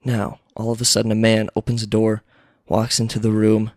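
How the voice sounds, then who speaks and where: A man's voice: on the low side, monotone, a little fast, darkish tone, dry recording, studio quality. A man casually reading a screenplay aloud, narrating scene by scene with offhand asides. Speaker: reader.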